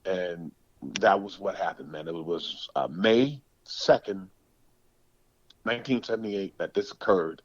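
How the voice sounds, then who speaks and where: A man in his sixties from the United States, a former pro football player telling stories in a podcast interview, animated and emphatic, often repeating words. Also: low-pitched, measured pace, slightly rough, dry recording, dull audio. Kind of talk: storytelling interview.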